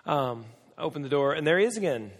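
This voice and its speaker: A middle-aged American pastor tells a rambling, self-mocking story from the pulpit. His voice is gravelly and cracks now and then. It rings with the long reverb of a big hall. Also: a little high, lively intonation, fast. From United States. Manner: self-deprecating, chatty storytelling. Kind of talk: storytelling sermon.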